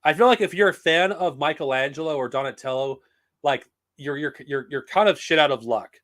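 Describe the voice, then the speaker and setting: Guy streaming his opinions, kinda high voice, swears a lot, keeps restarting sentences. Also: brisk, a bit bright. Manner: rambling, blunt and profane, with frequent restarts. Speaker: streamer reviewing comics and films. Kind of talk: casual live-stream talk.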